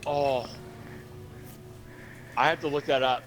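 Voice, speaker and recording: A man chatting casually while playing a game, rambling and excitable, swearing freely and tripping over his words. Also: medium pitch, slow pace, soft background music. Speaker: gameplay commentator.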